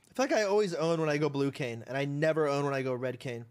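A man's voice: a little high, fast. A man streaming a game and chatting casually, brash and trash-talking with plenty of swearing. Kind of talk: casual gaming stream chat.

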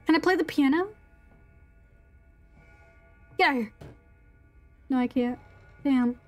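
High-voiced giggly woman streamer. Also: takes it slowly, a little mellow, faint music behind. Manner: giggly, reactive, swearing, exclamatory. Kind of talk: live gaming commentary.

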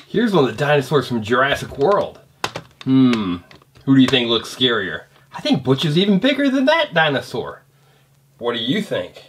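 A man's voice: mid-range voice, a little hiss or hum. A middle-aged man narrating a kids' toy review, chatty and asking the viewer questions.

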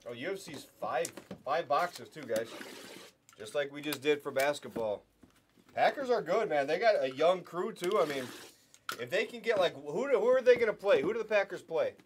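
A young man talks easily and casually as he hosts a live sports card break, chatting and joking with the people watching. His voice sits a little on the high side. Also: animated, moderate pace, a little hiss or hum. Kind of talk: casual live stream chat.

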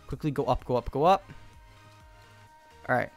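A man giving fast, excitable gameplay commentary from home, repeating short calls in quick bursts. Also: medium pitch, faint music behind. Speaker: gaming YouTuber. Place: home room.

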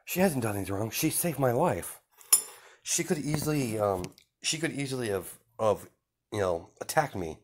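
A man's voice: medium pitch, lively intonation, normal speed, lightly acted. A man voicing a brave, kind young woman who speaks earnestly and pleads.

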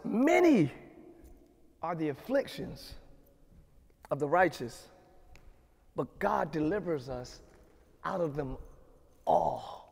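High-voiced pastor preaching in a reverberant hall. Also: male voice, vocal fry. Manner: preaches with rising shouted emphasis and repeated refrains. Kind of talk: sermon. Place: church sanctuary.

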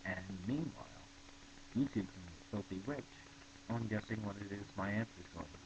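A man reading as a calm giant computer. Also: lowish voice, normal speed, lightly acted. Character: calm male supercomputer. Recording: dull noisy webcam audio.

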